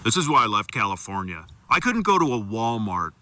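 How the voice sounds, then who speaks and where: A man telling a stand-up bit in an exasperated, animated way. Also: lowish voice, a little fast, no room sound. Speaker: stand-up comedian.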